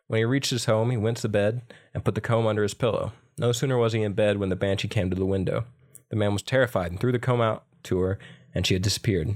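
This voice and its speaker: A man co-hosting a podcast, reading an old folk tale aloud in a casual chat, stumbling and restarting now and then. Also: on the low side. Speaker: podcast co-host.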